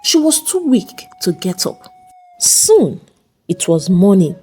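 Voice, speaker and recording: A woman narrating a folktale in a dramatic, unhurried storytelling manner. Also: mid-range voice, wildly swooping pitch, mellow, slightly rough. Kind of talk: scripted narration. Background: faint background music.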